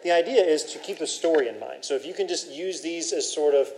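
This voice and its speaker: A man's voice: on the high side, a little fast, a little mellow, poor audio. A man teaching a Bible class, asking questions and talking in a loose, conversational way with fillers.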